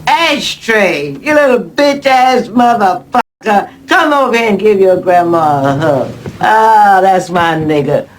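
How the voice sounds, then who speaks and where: A woman's voice: medium pitch, lively intonation, takes it slowly, slight background noise. A woman quoting a rowdy, cursing old grandmother from a comedy film.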